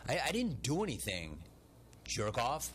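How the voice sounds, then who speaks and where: A man's voice: medium pitch, wildly swooping pitch, measured pace, a bit bright, slightly rough. A man hosting a talk radio show, ranting through stories and listener complaints and acting out the dialogue himself. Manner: ranting storyteller, acts out dialogue.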